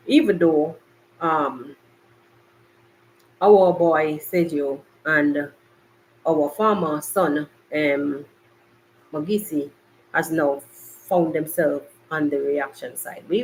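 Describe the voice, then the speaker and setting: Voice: medium pitch, slight background noise, poor audio. A podcast host from Jamaica, rambling in a chatty way straight to live viewers from a makeshift home studio, recorded on a laptop. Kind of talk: casual live-stream chat. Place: makeshift home studio, hot bright room.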